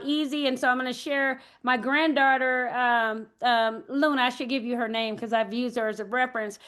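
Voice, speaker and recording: A woman's voice: high voice, a bit bright. An older woman, an early childhood educator, giving a parent workshop talk, hesitant and thinking aloud as she tells anecdotes.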